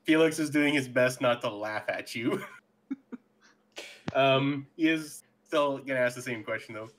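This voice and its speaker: A man's voice: medium pitch, a little slow, fairly bright tone, slight background noise. A man playing an online tabletop game, asking questions in a joking, casual way with fillers. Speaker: player.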